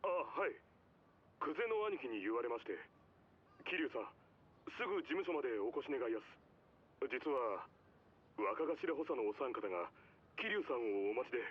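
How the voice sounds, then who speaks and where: A jittery, deferential young yakuza underling reporting over a phone line in a video game. He talks very fast in a husky voice. The sound is dull and lo-fi. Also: medium pitch, lively intonation. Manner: polite, hurried, deferential.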